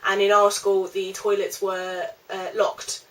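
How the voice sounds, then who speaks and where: A woman's voice: medium pitch, monotone, measured pace, a bit bright, recorded from a distance, low-quality recording. A young woman telling a rambling storytime vlog, chatty, with lots of fillers. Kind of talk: casual storytime.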